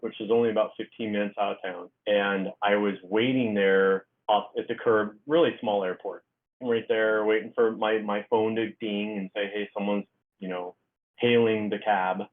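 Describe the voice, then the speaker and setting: A middle-aged man, a guest author, telling a story in a halting way with many fillers and restarts. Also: lowish voice. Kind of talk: casual storytelling interview. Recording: tinny phone-like line.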